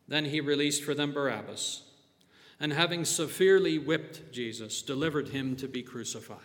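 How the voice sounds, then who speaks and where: A man giving a solemn, measured scripture reading, dropping quieter at the close of lines. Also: on the high side, lively intonation, long reverb tail. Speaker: scripture reader.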